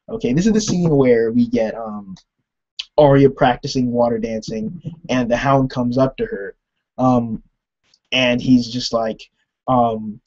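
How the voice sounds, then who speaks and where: Young male reviewer, husky and animated, talks loosely on a muffled home recording. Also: medium pitch, slow. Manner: rambling, animated, laughs often, lots of "like". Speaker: TV episode reviewer. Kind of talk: casual recap and commentary.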